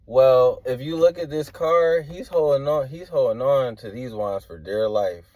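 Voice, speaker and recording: A man reading tarot cards in an easygoing, rambling way, full of slang and hedges. His voice sits at an ordinary middle pitch. The sound is dry and close, with no room echo. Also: measured pace, dark tone. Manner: rambling and hedging, slangy filler talk. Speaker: tarot reader.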